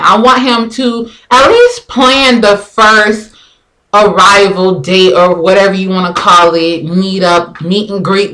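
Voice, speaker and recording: A young woman chats straight to her viewers about her dates. Her voice is bright and sits at a middle pitch. She talks frankly and in slang, and she acts out both sides of each exchange. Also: rough recording. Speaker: vlogger telling dating stories. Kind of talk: casual storytelling.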